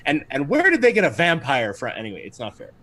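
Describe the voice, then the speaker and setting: A chatty man running a tabletop game on a livestream, his voice set a little high. He narrates in an easygoing, rambling way full of ums, with a faint hiss of noise behind him. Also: huge pitch swings, fast talker, fairly bright tone. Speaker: game master.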